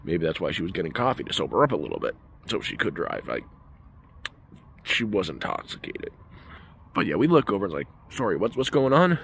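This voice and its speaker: A man's voice: deep voice, huge pitch swings, fairly quick, creaky, long pauses, a bit bright, a little hiss or hum. A man telling a story as a casual rant in a vlog, emphatic and heated. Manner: ranting, emphatic. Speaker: vlogger.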